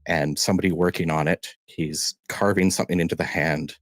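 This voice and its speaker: A man with a very low voice narrates a tabletop game as game master. He tells the scene in a measured, halting way, often restarting his sentences. The sound is dry and close. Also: steady tone, no room sound.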